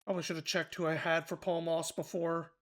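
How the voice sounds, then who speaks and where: A man's voice: fairly high pitch, flat delivery, brisk, fairly bright tone. A man streaming a mystery game, thinking aloud in loose, casual commentary with offhand swearing.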